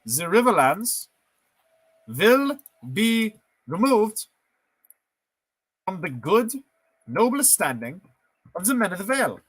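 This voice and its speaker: A man putting on a German accent to voice a grandiose medieval lord who vows to drive enemies from his lands, declaiming slowly. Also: sits high, very animated, a bit bright, breathy edge, voice pushed up, heavily acted, low-quality recording. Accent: put-on German. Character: bombastic medieval male lord vowing to purge his enemies.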